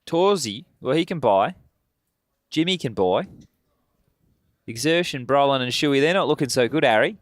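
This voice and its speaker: Lively-toned man casting a shooter. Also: medium pitch, normal speed, long pauses, no room sound, studio quality. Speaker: esports caster. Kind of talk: live esports commentary.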